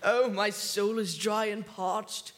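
A man's voice: high-pitched, steady tone, slow, fairly bright tone. An actor playing a self-satisfied man who recites a flowery nonsense prayer in a grandiose, theatrical way, in a comedy sketch.

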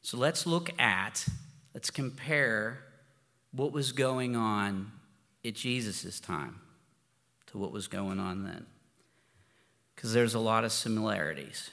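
A man's voice: lowish voice, takes it slowly, vocal fry, pauses often, sharp tone. Man preaching in a reverberant hall. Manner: informal and storytelling, with frequent restarts and "you know". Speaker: pastor. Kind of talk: conversational sermon.

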